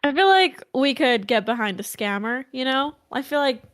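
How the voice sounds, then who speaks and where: A woman's voice: sits high, animated, moderate pace, fairly bright tone. A woman playing a tabletop game, joking offhandedly in casual chat. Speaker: player.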